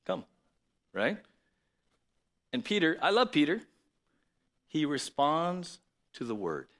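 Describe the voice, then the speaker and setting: A male pastor preaching in a bright, slightly high voice. He moves between reading scripture aloud and easy, conversational explanation, with sudden bursts of loud emphasis. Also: sing-song, slow pace. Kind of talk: sermon.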